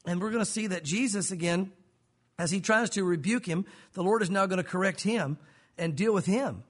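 A male pastor preaching a sermon, lively and acting out voices as he teaches. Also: sits high, moderate pace. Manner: animated, acts out voices in his teaching.

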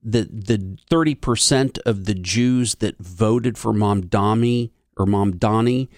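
A man's voice: lowish voice, slow pace, darkish tone, no echo, clean studio sound. A man co-hosting a talk show, asking long, hesitant questions with many fillers. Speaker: co-host.

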